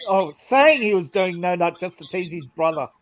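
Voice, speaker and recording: A man's voice: high voice, expressive, moderate pace. A man giving wry, opinionated remarks in a casual podcast chat.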